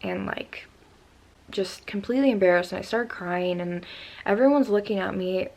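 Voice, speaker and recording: A woman's voice: medium pitch, moderate pace, gravelly, a little mellow. A young woman in her twenties telling a storytime vlog in a rambling, casual way, upset after crying. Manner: rambling with many "like" fillers. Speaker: vlogger.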